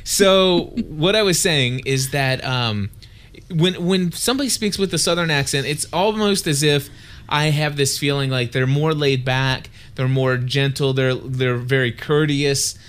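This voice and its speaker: A man's voice: medium pitch, a little slow, a bit bright, clear, resonant tone. A man co-hosting a casual podcast, talking in a playful, rambling way and often restarting his sentences. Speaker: podcast co-host. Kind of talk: casual chat.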